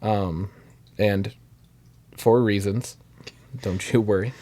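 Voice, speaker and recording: A man's voice: lowish voice, fairly even intonation, takes it slowly, mellow. A man co-hosting a podcast in casual chat, rambling and laughing often as he trails off and restarts. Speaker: podcast co-host. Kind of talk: casual chat tasting a drink.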